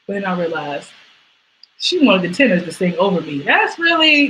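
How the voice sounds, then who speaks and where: Streaming her comedy set from home, a young stand-up comedian with a lilt speaks quickly in a bright, forward voice. She leaps into high squeals and drops to quiet mutters, with faint room hum and poor audio throughout.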